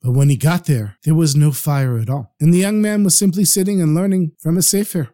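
A man narrating a spoken story with animated storytelling delivery. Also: on the high side, brisk.

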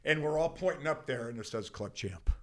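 An older man with a slightly high voice tells a story as a studio interview guest. He talks casually and swears freely. He often breaks into laughter as he goes. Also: expressive, fairly quick.

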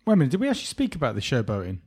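Brisk man steering the chat. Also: mid-range voice, huge pitch swings, darkish tone, breathy edge. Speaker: podcast host moving topics along. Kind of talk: casual chat.

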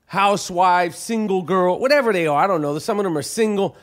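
A man hosting a podcast in casual, profane chat that breaks into shouted rants. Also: high-pitched. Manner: profane, rapid ranting with shouted tirades. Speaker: podcast host.

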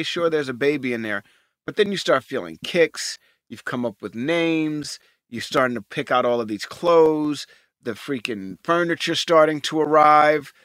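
A man in his forties co-hosts a casual podcast chat, his voice bright and a touch high for a man. He talks animatedly and swears freely, stacking repeated words when worked up. The sound is close and dry. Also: dry recording. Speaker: podcast co-host.

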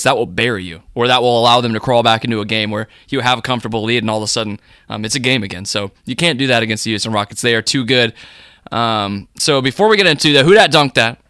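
A man's voice: mid-range voice, sharp tone, smooth, no echo, clean studio sound. A man co-hosting a sports podcast, talking casually about basketball with loose, rambling phrasing and fillers.

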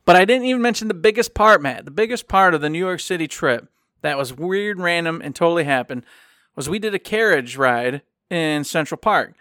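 A man from Michigan, co-hosting a podcast and telling a rambling, animated story in casual chat, acting out the people he quotes. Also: fairly high pitch, a little fast, dry recording, clean studio sound. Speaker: podcast co-host.

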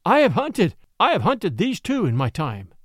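A man's voice: high-pitched, huge pitch swings, a little fast, dry recording, studio quality. A man doing a panting old wolf leader. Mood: breathless. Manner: breathless, panting.

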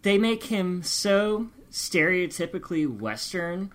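A man co-hosting a podcast in casual chat, giving measured explanations and hedging his claims. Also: high-pitched, sing-song. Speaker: podcast co-host.

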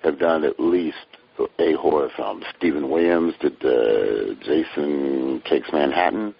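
An older man, a guest actor, chats casually in a podcast interview, joking and telling stories with a drawn-out delivery. His voice is a rumbling, gravelly low that's slightly rough, captured dry on dull lo-fi podcast audio.

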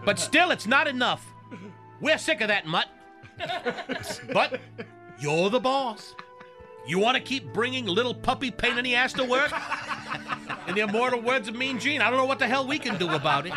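A man delivering a mocking, drawn-out sarcastic comedy bit. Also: very high-pitched, lively intonation, music in the background.

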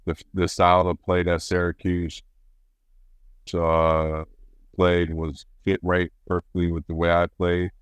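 A man with a very low, smooth voice recounts his playing days in an unhurried, rambling way. He often restarts his sentences and leans on fillers. The sound is close and dry. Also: completely flat delivery, no room sound. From Rochester, New York. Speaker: former basketball player, guest. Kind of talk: casual interview storytelling.

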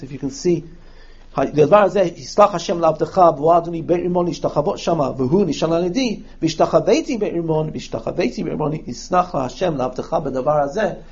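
A man's voice: on the high side, slightly rough, highs cut off. A man teaching a text study lesson, reading verses aloud and explaining them, acting out the characters' words with animation. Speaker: Torah teacher.

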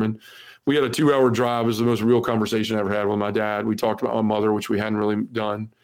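A man's voice: lowish voice, level tone, quick pace, vocal fry, darkish tone. A middle-aged man, a podcast guest earnestly telling a personal story and acting out the voices of others. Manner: earnest, acts out quoted voices.

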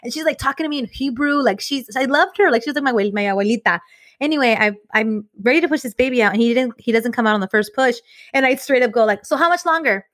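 A fast-talking woman in her forties chats on a podcast, bouncing through a personal story and acting out the people in it. Her voice sits fairly high and the sound is dry and close, with no room around it. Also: no echo. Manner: animated, acts out quoted voices. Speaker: podcast co-host. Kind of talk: casual storytelling chat.

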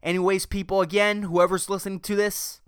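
A man's voice: high voice, flat delivery, fairly quick, fairly bright tone, smooth, no room sound, clean studio sound. A man hosting a solo podcast, rambling and ranting with lots of profanity. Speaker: podcast host. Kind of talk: casual solo podcast monologue.

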